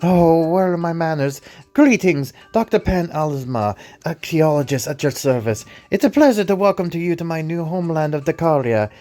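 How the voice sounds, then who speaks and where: A man's voice: fairly high pitch, expressive, moderate pace, a little mellow, voice pushed up, close to an everyday voice. A man voicing a spry, jolly old male archaeologist with a Scottish accent, reading game dialogue aloud.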